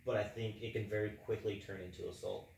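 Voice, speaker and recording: A man talks through his point in an earnest, conversational way on a discussion show. He is distant from the microphone, and the room adds a clear echo. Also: on the low side, flat delivery, fast, a little mellow, slight background noise. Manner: conversational, earnest, builds long arguments. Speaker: co-host. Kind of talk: casual podcast discussion. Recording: echoey room, distant mic.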